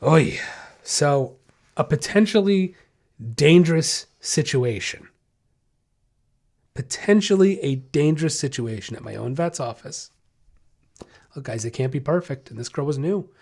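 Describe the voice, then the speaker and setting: A man's voice: on the high side, measured pace, pauses often, a little mellow. Blunt, emphatic male podcast host. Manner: blunt, emphatic, frank storytelling. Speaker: podcast host and dog trainer. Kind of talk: casual podcast monologue.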